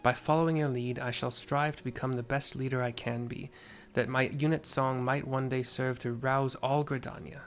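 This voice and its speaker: A man's voice: mid-range voice, little pitch movement, moderate pace, few pauses, faint music behind, close to an everyday voice. A man voicing an earnest young male officer in a game, reading his formal, old-fashioned lines in a raised voice.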